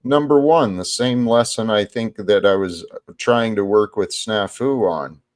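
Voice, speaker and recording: A man hosting a casual online chat, speaking in a measured, scolding way. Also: on the low side. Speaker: host.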